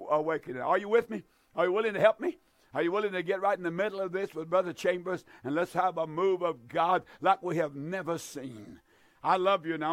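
A man's voice: high voice, a bit bright, no echo. An older man preaching a fervent evangelistic sermon from a church, repeating his appeals again and again. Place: church sanctuary.

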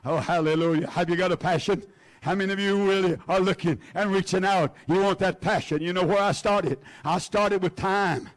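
A man's voice: high-pitched, fairly even intonation, moderate pace. A man preaching a sermon, fervent and repetitive, calling on his congregation by name. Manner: fervent preaching, repeating words for emphasis. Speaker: pastor.

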